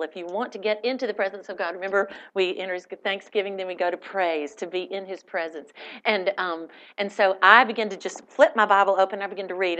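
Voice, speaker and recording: A woman telling a personal faith story to a live audience, animated and laughing, acting out quotes. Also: medium pitch. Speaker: speaker at a Christian event.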